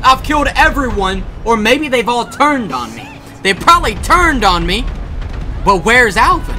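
A man giving excited gameplay commentary, shouting and reacting fast as he plays. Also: extremely high pitch, faint music behind. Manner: hyped, shouting at the game, quick reactions. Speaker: gaming YouTuber.

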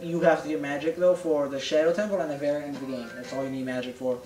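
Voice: medium pitch, steady tone, fast, over music. A gamer in casual let's-play chat, joking around and swearing a lot, recorded in a roomy room from a distant mic. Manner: profane, joking. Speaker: gamer playing a video game.

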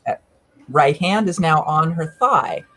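A woman's voice: low voice, lively intonation, slow pace, a bit bright. A woman, a dog behavior consultant, chatting casually and enthusiastically as she comments on a training video. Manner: enthusiastic, chatty, narrates what the dog does.

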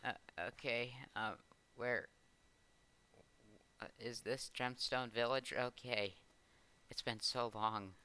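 Male gamer, unhurried rambling self-talk, crisp smooth tone, keeps correcting himself. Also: mid-range voice, fairly even intonation, sharp tone. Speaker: YouTuber playing a Minecraft roleplay. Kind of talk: casual gameplay roleplay commentary.

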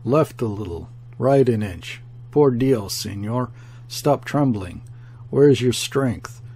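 A man's voice: mid-range voice, animated, takes it slowly, warm tone, breathy edge, full character voice. A man doing a shaky old gunner. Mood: coaxing, anxious. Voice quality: cracked voice.

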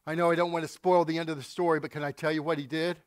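A man's voice: fairly high pitch, flat delivery, racing, clean tone, no room sound, clean studio sound. A male pastor preaching a sermon, telling stories and acting out quotes with asides to the congregation.

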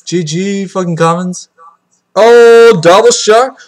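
Excitable high-voiced man yelling at card pulls. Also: slow pace. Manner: swings between loud yelps and low mumbling; crude, joking self-mockery. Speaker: card unboxing vlogger. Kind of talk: excitable unboxing commentary. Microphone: cheap computer mic that cuts out.

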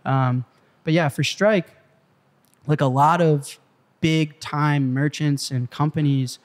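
A man as an interview guest, telling a story with excitable, profane emphasis in a casual way. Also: fairly high pitch, takes it slowly. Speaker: interview guest, company CEO. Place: Malibu.

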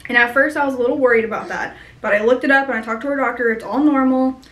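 A young woman, a mother, speaking earnestly in a personal vlog, with many pauses and fillers. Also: high voice, steady tone, a bit bright. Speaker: mother sharing her baby's story. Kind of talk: personal vlog talking to camera. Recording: echoey room.

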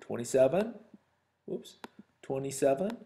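A man's voice: mid-range voice, very animated, unhurried, dark tone, a little hiss or hum. A man teaching a recorded sixth-grade math lesson, talking straight to his students in a chatty, joking way. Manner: chatty, addresses students directly, jokes.

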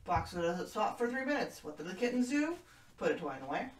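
A woman hosts a relaxed livestream from a room with kittens, chatting with viewers, reading their comments, and cooing at the kittens. Her medium-pitched voice is sing-song and a little fast. The recording sounds roomy, with a distant mic and faint noise.

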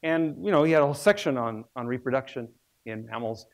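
A man's voice: medium pitch, quick pace. A man in his sixties, a research biologist, giving a public lecture with humorous storytelling.

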